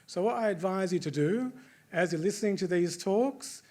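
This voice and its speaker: Aussie guy hosting an event, slightly high voice, joking around w the audience. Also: expressive, moderate pace, a little mellow. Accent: Australian. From Australia. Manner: jokey, chatty, asks the crowd questions. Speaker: event host. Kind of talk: live emcee address to an audience.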